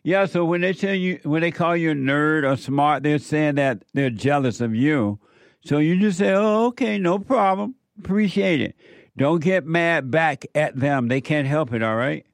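High-ish voiced guy hosting a call-in show, slow and emphatic, says things twice, dry close mic. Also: no echo. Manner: slow, emphatic, repeats his points. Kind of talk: advice talk with a caller.

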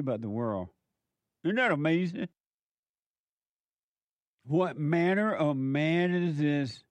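Man, commentator, preachy monologue, very slow delivery, emphatic, dry close sound. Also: a little high, darkish tone, no room sound. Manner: slow, emphatic, exhorting the listener.

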